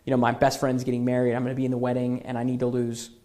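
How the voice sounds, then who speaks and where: A man voicing an anxious woman who speaks haltingly and pleads for help losing weight quickly. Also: mid-range voice, completely flat delivery, dark tone, close to an everyday voice. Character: anxious woman needing to lose weight fast.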